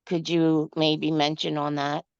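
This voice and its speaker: A woman taking part in an online workshop, asking a question slowly and carefully while she searches for her words. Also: sits low, little pitch movement, smooth, no echo, lo-fi sound. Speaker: workshop participant.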